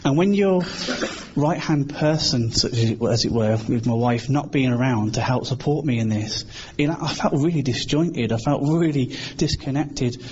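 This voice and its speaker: A man's voice: medium pitch, normal speed, a little mellow. A British man giving an informal, earnest sermon in a conversational way, acting out quoted voices now and then. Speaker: preacher. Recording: slightly dull, faint background hiss.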